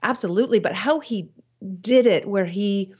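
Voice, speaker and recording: A woman's voice: mid-range voice, moderate pace, a little mellow, husky, lo-fi sound. A woman guest on a podcast, talking casually about investing, chatty, with many fillers and frequent laughter. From United States. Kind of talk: casual interview talk.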